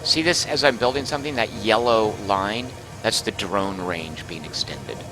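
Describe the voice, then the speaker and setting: A man's voice: lowish voice, normal speed, music in the background. A man casually commenting as he streams a game, thinking aloud and reading out viewer comments.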